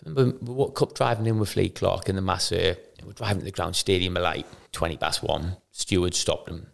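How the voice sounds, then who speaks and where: A man co-hosting a casual chat podcast, telling lively anecdotes and acting out the people in them. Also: deep voice, fairly quick, vocal fry. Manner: lively storyteller who acts out quoted voices. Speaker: podcast co-host, ex-footballer.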